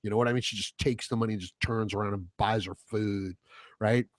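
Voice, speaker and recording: A man's voice: on the low side, fairly even intonation, a little fast, no echo, clean studio sound. A man hosting a casual solo podcast, rambling and profane, chuckling often as he talks. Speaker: podcast host.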